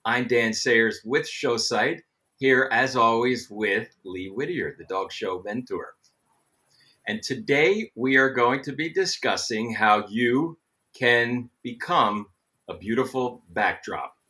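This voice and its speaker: A middle-aged man hosts a live online show with a bright, forward tone. He talks in a friendly, loose way, fills gaps with ums and greets viewers by name. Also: medium pitch. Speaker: show host. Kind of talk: live webcast host chat.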